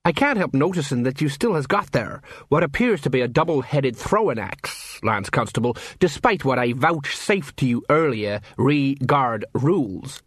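A man's voice: mid-range voice, lively intonation, normal speed, few pauses, fairly bright tone, breathy edge, no echo, studio quality. A man voicing a flustered, pompous middle-aged watch sergeant who talks in a hesitant sing-song. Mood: blustering.

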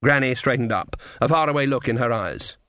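A man narrating a fantasy novel with wry, measured storytelling. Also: mid-range voice, bright, forceful tone, no room sound, clean studio sound. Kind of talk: audiobook narration.

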